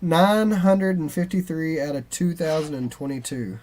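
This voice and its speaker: A man's voice: fairly high pitch, normal speed, background noise. A man co-hosting a card-opening show, chatting casually and reading player names aloud as he pulls cards. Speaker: co-host opening baseball cards.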